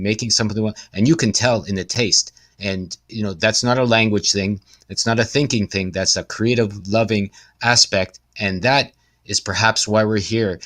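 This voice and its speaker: A man's voice: fairly low pitch, fairly bright tone. A man interviewing a guest, talking in a rambling, emphatic way with many asides. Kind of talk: casual conversational talk.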